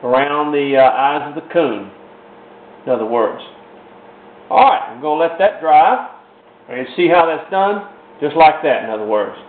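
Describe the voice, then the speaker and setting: A man teaching a painting technique step by step in a folksy, rambling way, often repeating himself. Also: mid-range voice. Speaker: painting instructor. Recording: roomy, tinny lo-fi with faint hiss.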